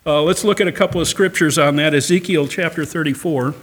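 A man preaching a sermon, reading scripture aloud and rising to loud, emphatic passages. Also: on the high side, fairly quick. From Catholic upbringing. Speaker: pastor.

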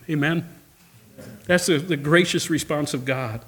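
Man, pastor, husky voice, emphatic sermon. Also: a little high, a little slow, pauses often. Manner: emphatic preaching with repeated phrases and calls of amen.

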